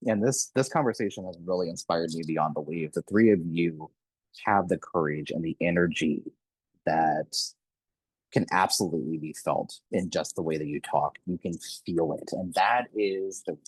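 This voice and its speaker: A man's voice: sits low, breathy edge, dry recording, poor audio. A man hosting a podcast, speaking earnestly and with open emotion as he thanks his guests. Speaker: podcast host. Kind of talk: closing remarks of an interview.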